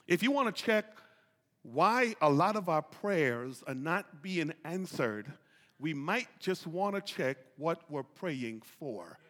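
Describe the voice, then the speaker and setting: A man's voice: on the high side, big pitch swings, takes it slowly, a bit bright, big-room sound. A man preaching a sermon as pastor, with impassioned call-and-response and folksy turns of phrase. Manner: folksy, drawls "y'all" and "ain't". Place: church sanctuary.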